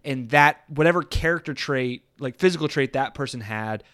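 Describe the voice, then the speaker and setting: A man hosting a podcast, talking in a rambling, animated casual chat and laughing often. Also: mid-range voice, normal speed, no room sound, studio quality. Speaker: podcast host.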